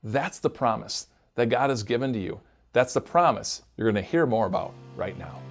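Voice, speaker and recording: A man's voice: mid-range voice, animated, normal speed. A man hosting a Christian program, earnestly reading statistics and introducing a sermon. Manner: earnest, emphatic, listing statistics. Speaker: program host.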